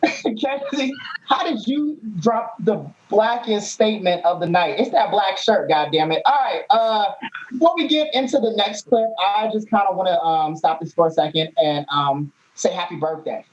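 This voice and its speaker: A man's voice: sits high, lively intonation, moderate pace. A man hosting a live-streamed show, talking loosely, joking and laughing often. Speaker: host. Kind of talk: casual live-stream chat. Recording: muffled lo-fi audio.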